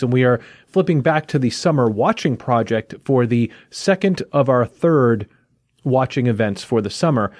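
A man's voice: mid-range voice, a little mellow, no echo, clean studio sound. A man hosting a podcast, chatting casually with short agreeing replies before steering into the next segment. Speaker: podcast host. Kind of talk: casual chat and show segues.

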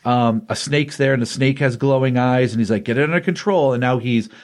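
A man hosting a comics podcast and retelling a comic book story in a loose, conversational way, dipping in and out of quoted lines. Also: medium pitch. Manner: animated storytelling with quick voiced quotes.

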